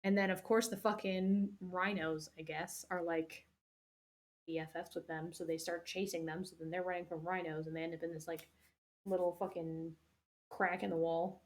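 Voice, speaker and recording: A woman's voice: lowish voice, level tone, moderate pace. Young adult woman, host, casual recap, rambling, profane, filler-heavy.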